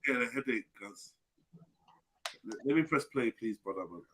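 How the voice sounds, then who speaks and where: A man's voice: mid-range voice, moderate pace, fairly bright tone, a little hiss or hum. Slangy man hosting a stream panel. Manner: joking, slangy, keeps steering the chat. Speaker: host of a live panel stream. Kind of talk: casual group banter.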